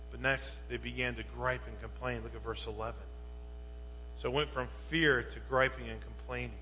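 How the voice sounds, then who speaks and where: A man's voice: medium pitch, a little slow, long pauses. Male pastor preaching in an echoing hall. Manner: swings from quiet reading to loud, rising rhetorical questions. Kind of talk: sermon. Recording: muffled, with long reverb and mains hum.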